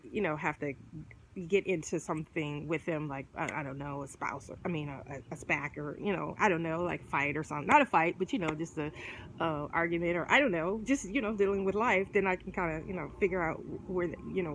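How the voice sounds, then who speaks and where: A woman's voice: lowish voice, fairly bright tone, a little hiss or hum, low-quality recording. A woman vlogging in a casual chat to camera, rambling and filling her talk with fillers and restarts.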